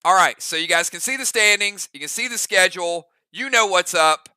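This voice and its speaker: A man hosting his gaming channel in casual chat, excited and quick to laugh, with lots of fillers and restarts. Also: sits high, clear, resonant tone, dry recording.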